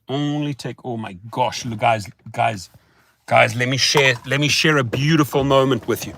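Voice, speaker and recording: Male vlogger, gravelly, chanting and rambling, hushed to whooping, dry close sound. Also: medium pitch, moderate pace, no room sound. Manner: sing-song chanting, swings from hushed murmurs to excited whoops. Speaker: rideshare driver vlogger. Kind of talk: excited rambling monologue to viewers.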